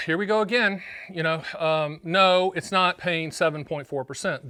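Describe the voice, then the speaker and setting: A man from North Carolina hosting his own show as an annuity agent, talking straight to camera in an energetic, joking, emphatic way. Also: a little high, no room sound. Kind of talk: casual direct-to-camera explainer.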